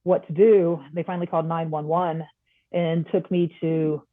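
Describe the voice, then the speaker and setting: A woman guest on a podcast, telling a personal story in a casual, animated way and acting out the dialogue. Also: sits low, moderate pace, no room sound. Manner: animated, acts out quoted dialogue. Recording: tinny phone-like line.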